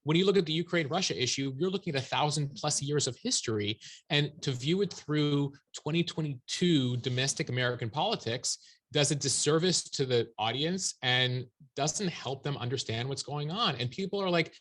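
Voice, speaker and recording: A man, a journalist guest in an interview, telling stories in an animated, quick way. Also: on the high side. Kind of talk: casual interview chat.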